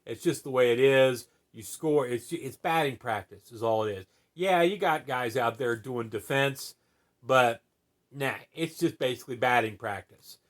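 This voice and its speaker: A man talks through his opinions in a relaxed, rambling vlog style. He leans on fillers and tag questions as he goes. His voice sits at an average middle pitch. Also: measured pace. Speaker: channel host.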